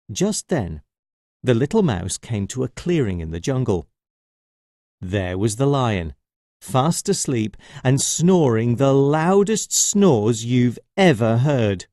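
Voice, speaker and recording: A man reading a children's story aloud, slowly and expressively. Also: medium pitch, dry recording, studio quality. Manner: slow and expressive.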